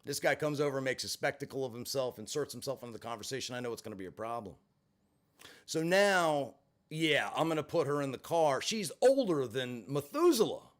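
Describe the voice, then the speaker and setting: A man's voice: mid-range voice, lively intonation, fairly quick. A middle-aged man telling a personal story to camera, candid and emphatic, swearing freely. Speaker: vlogger in recovery. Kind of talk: storytelling monologue.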